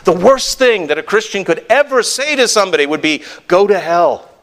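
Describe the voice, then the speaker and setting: A man's voice: high-pitched, big pitch swings, a little fast, a bit bright. A male pastor preaching a sermon in an earnest, emphatic way, full of rhetorical questions.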